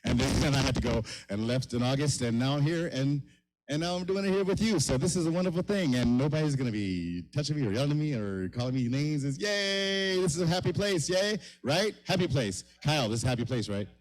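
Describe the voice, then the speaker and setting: A man's voice: a little high, lively intonation, a little fast, low-quality recording. Rambling self-mocking comedy show host man. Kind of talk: live stand-up hosting. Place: kava lounge comedy stage.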